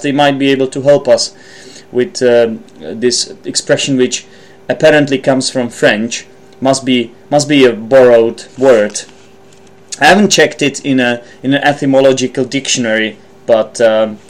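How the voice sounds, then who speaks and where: A man hosting an English-learning podcast, explaining vocabulary in a loose, thinking-aloud way, with frequent ums and restarts while partly reading from notes. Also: medium pitch. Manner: hesitant, thinking aloud with many ums and self-corrections. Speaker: English teacher and podcast host.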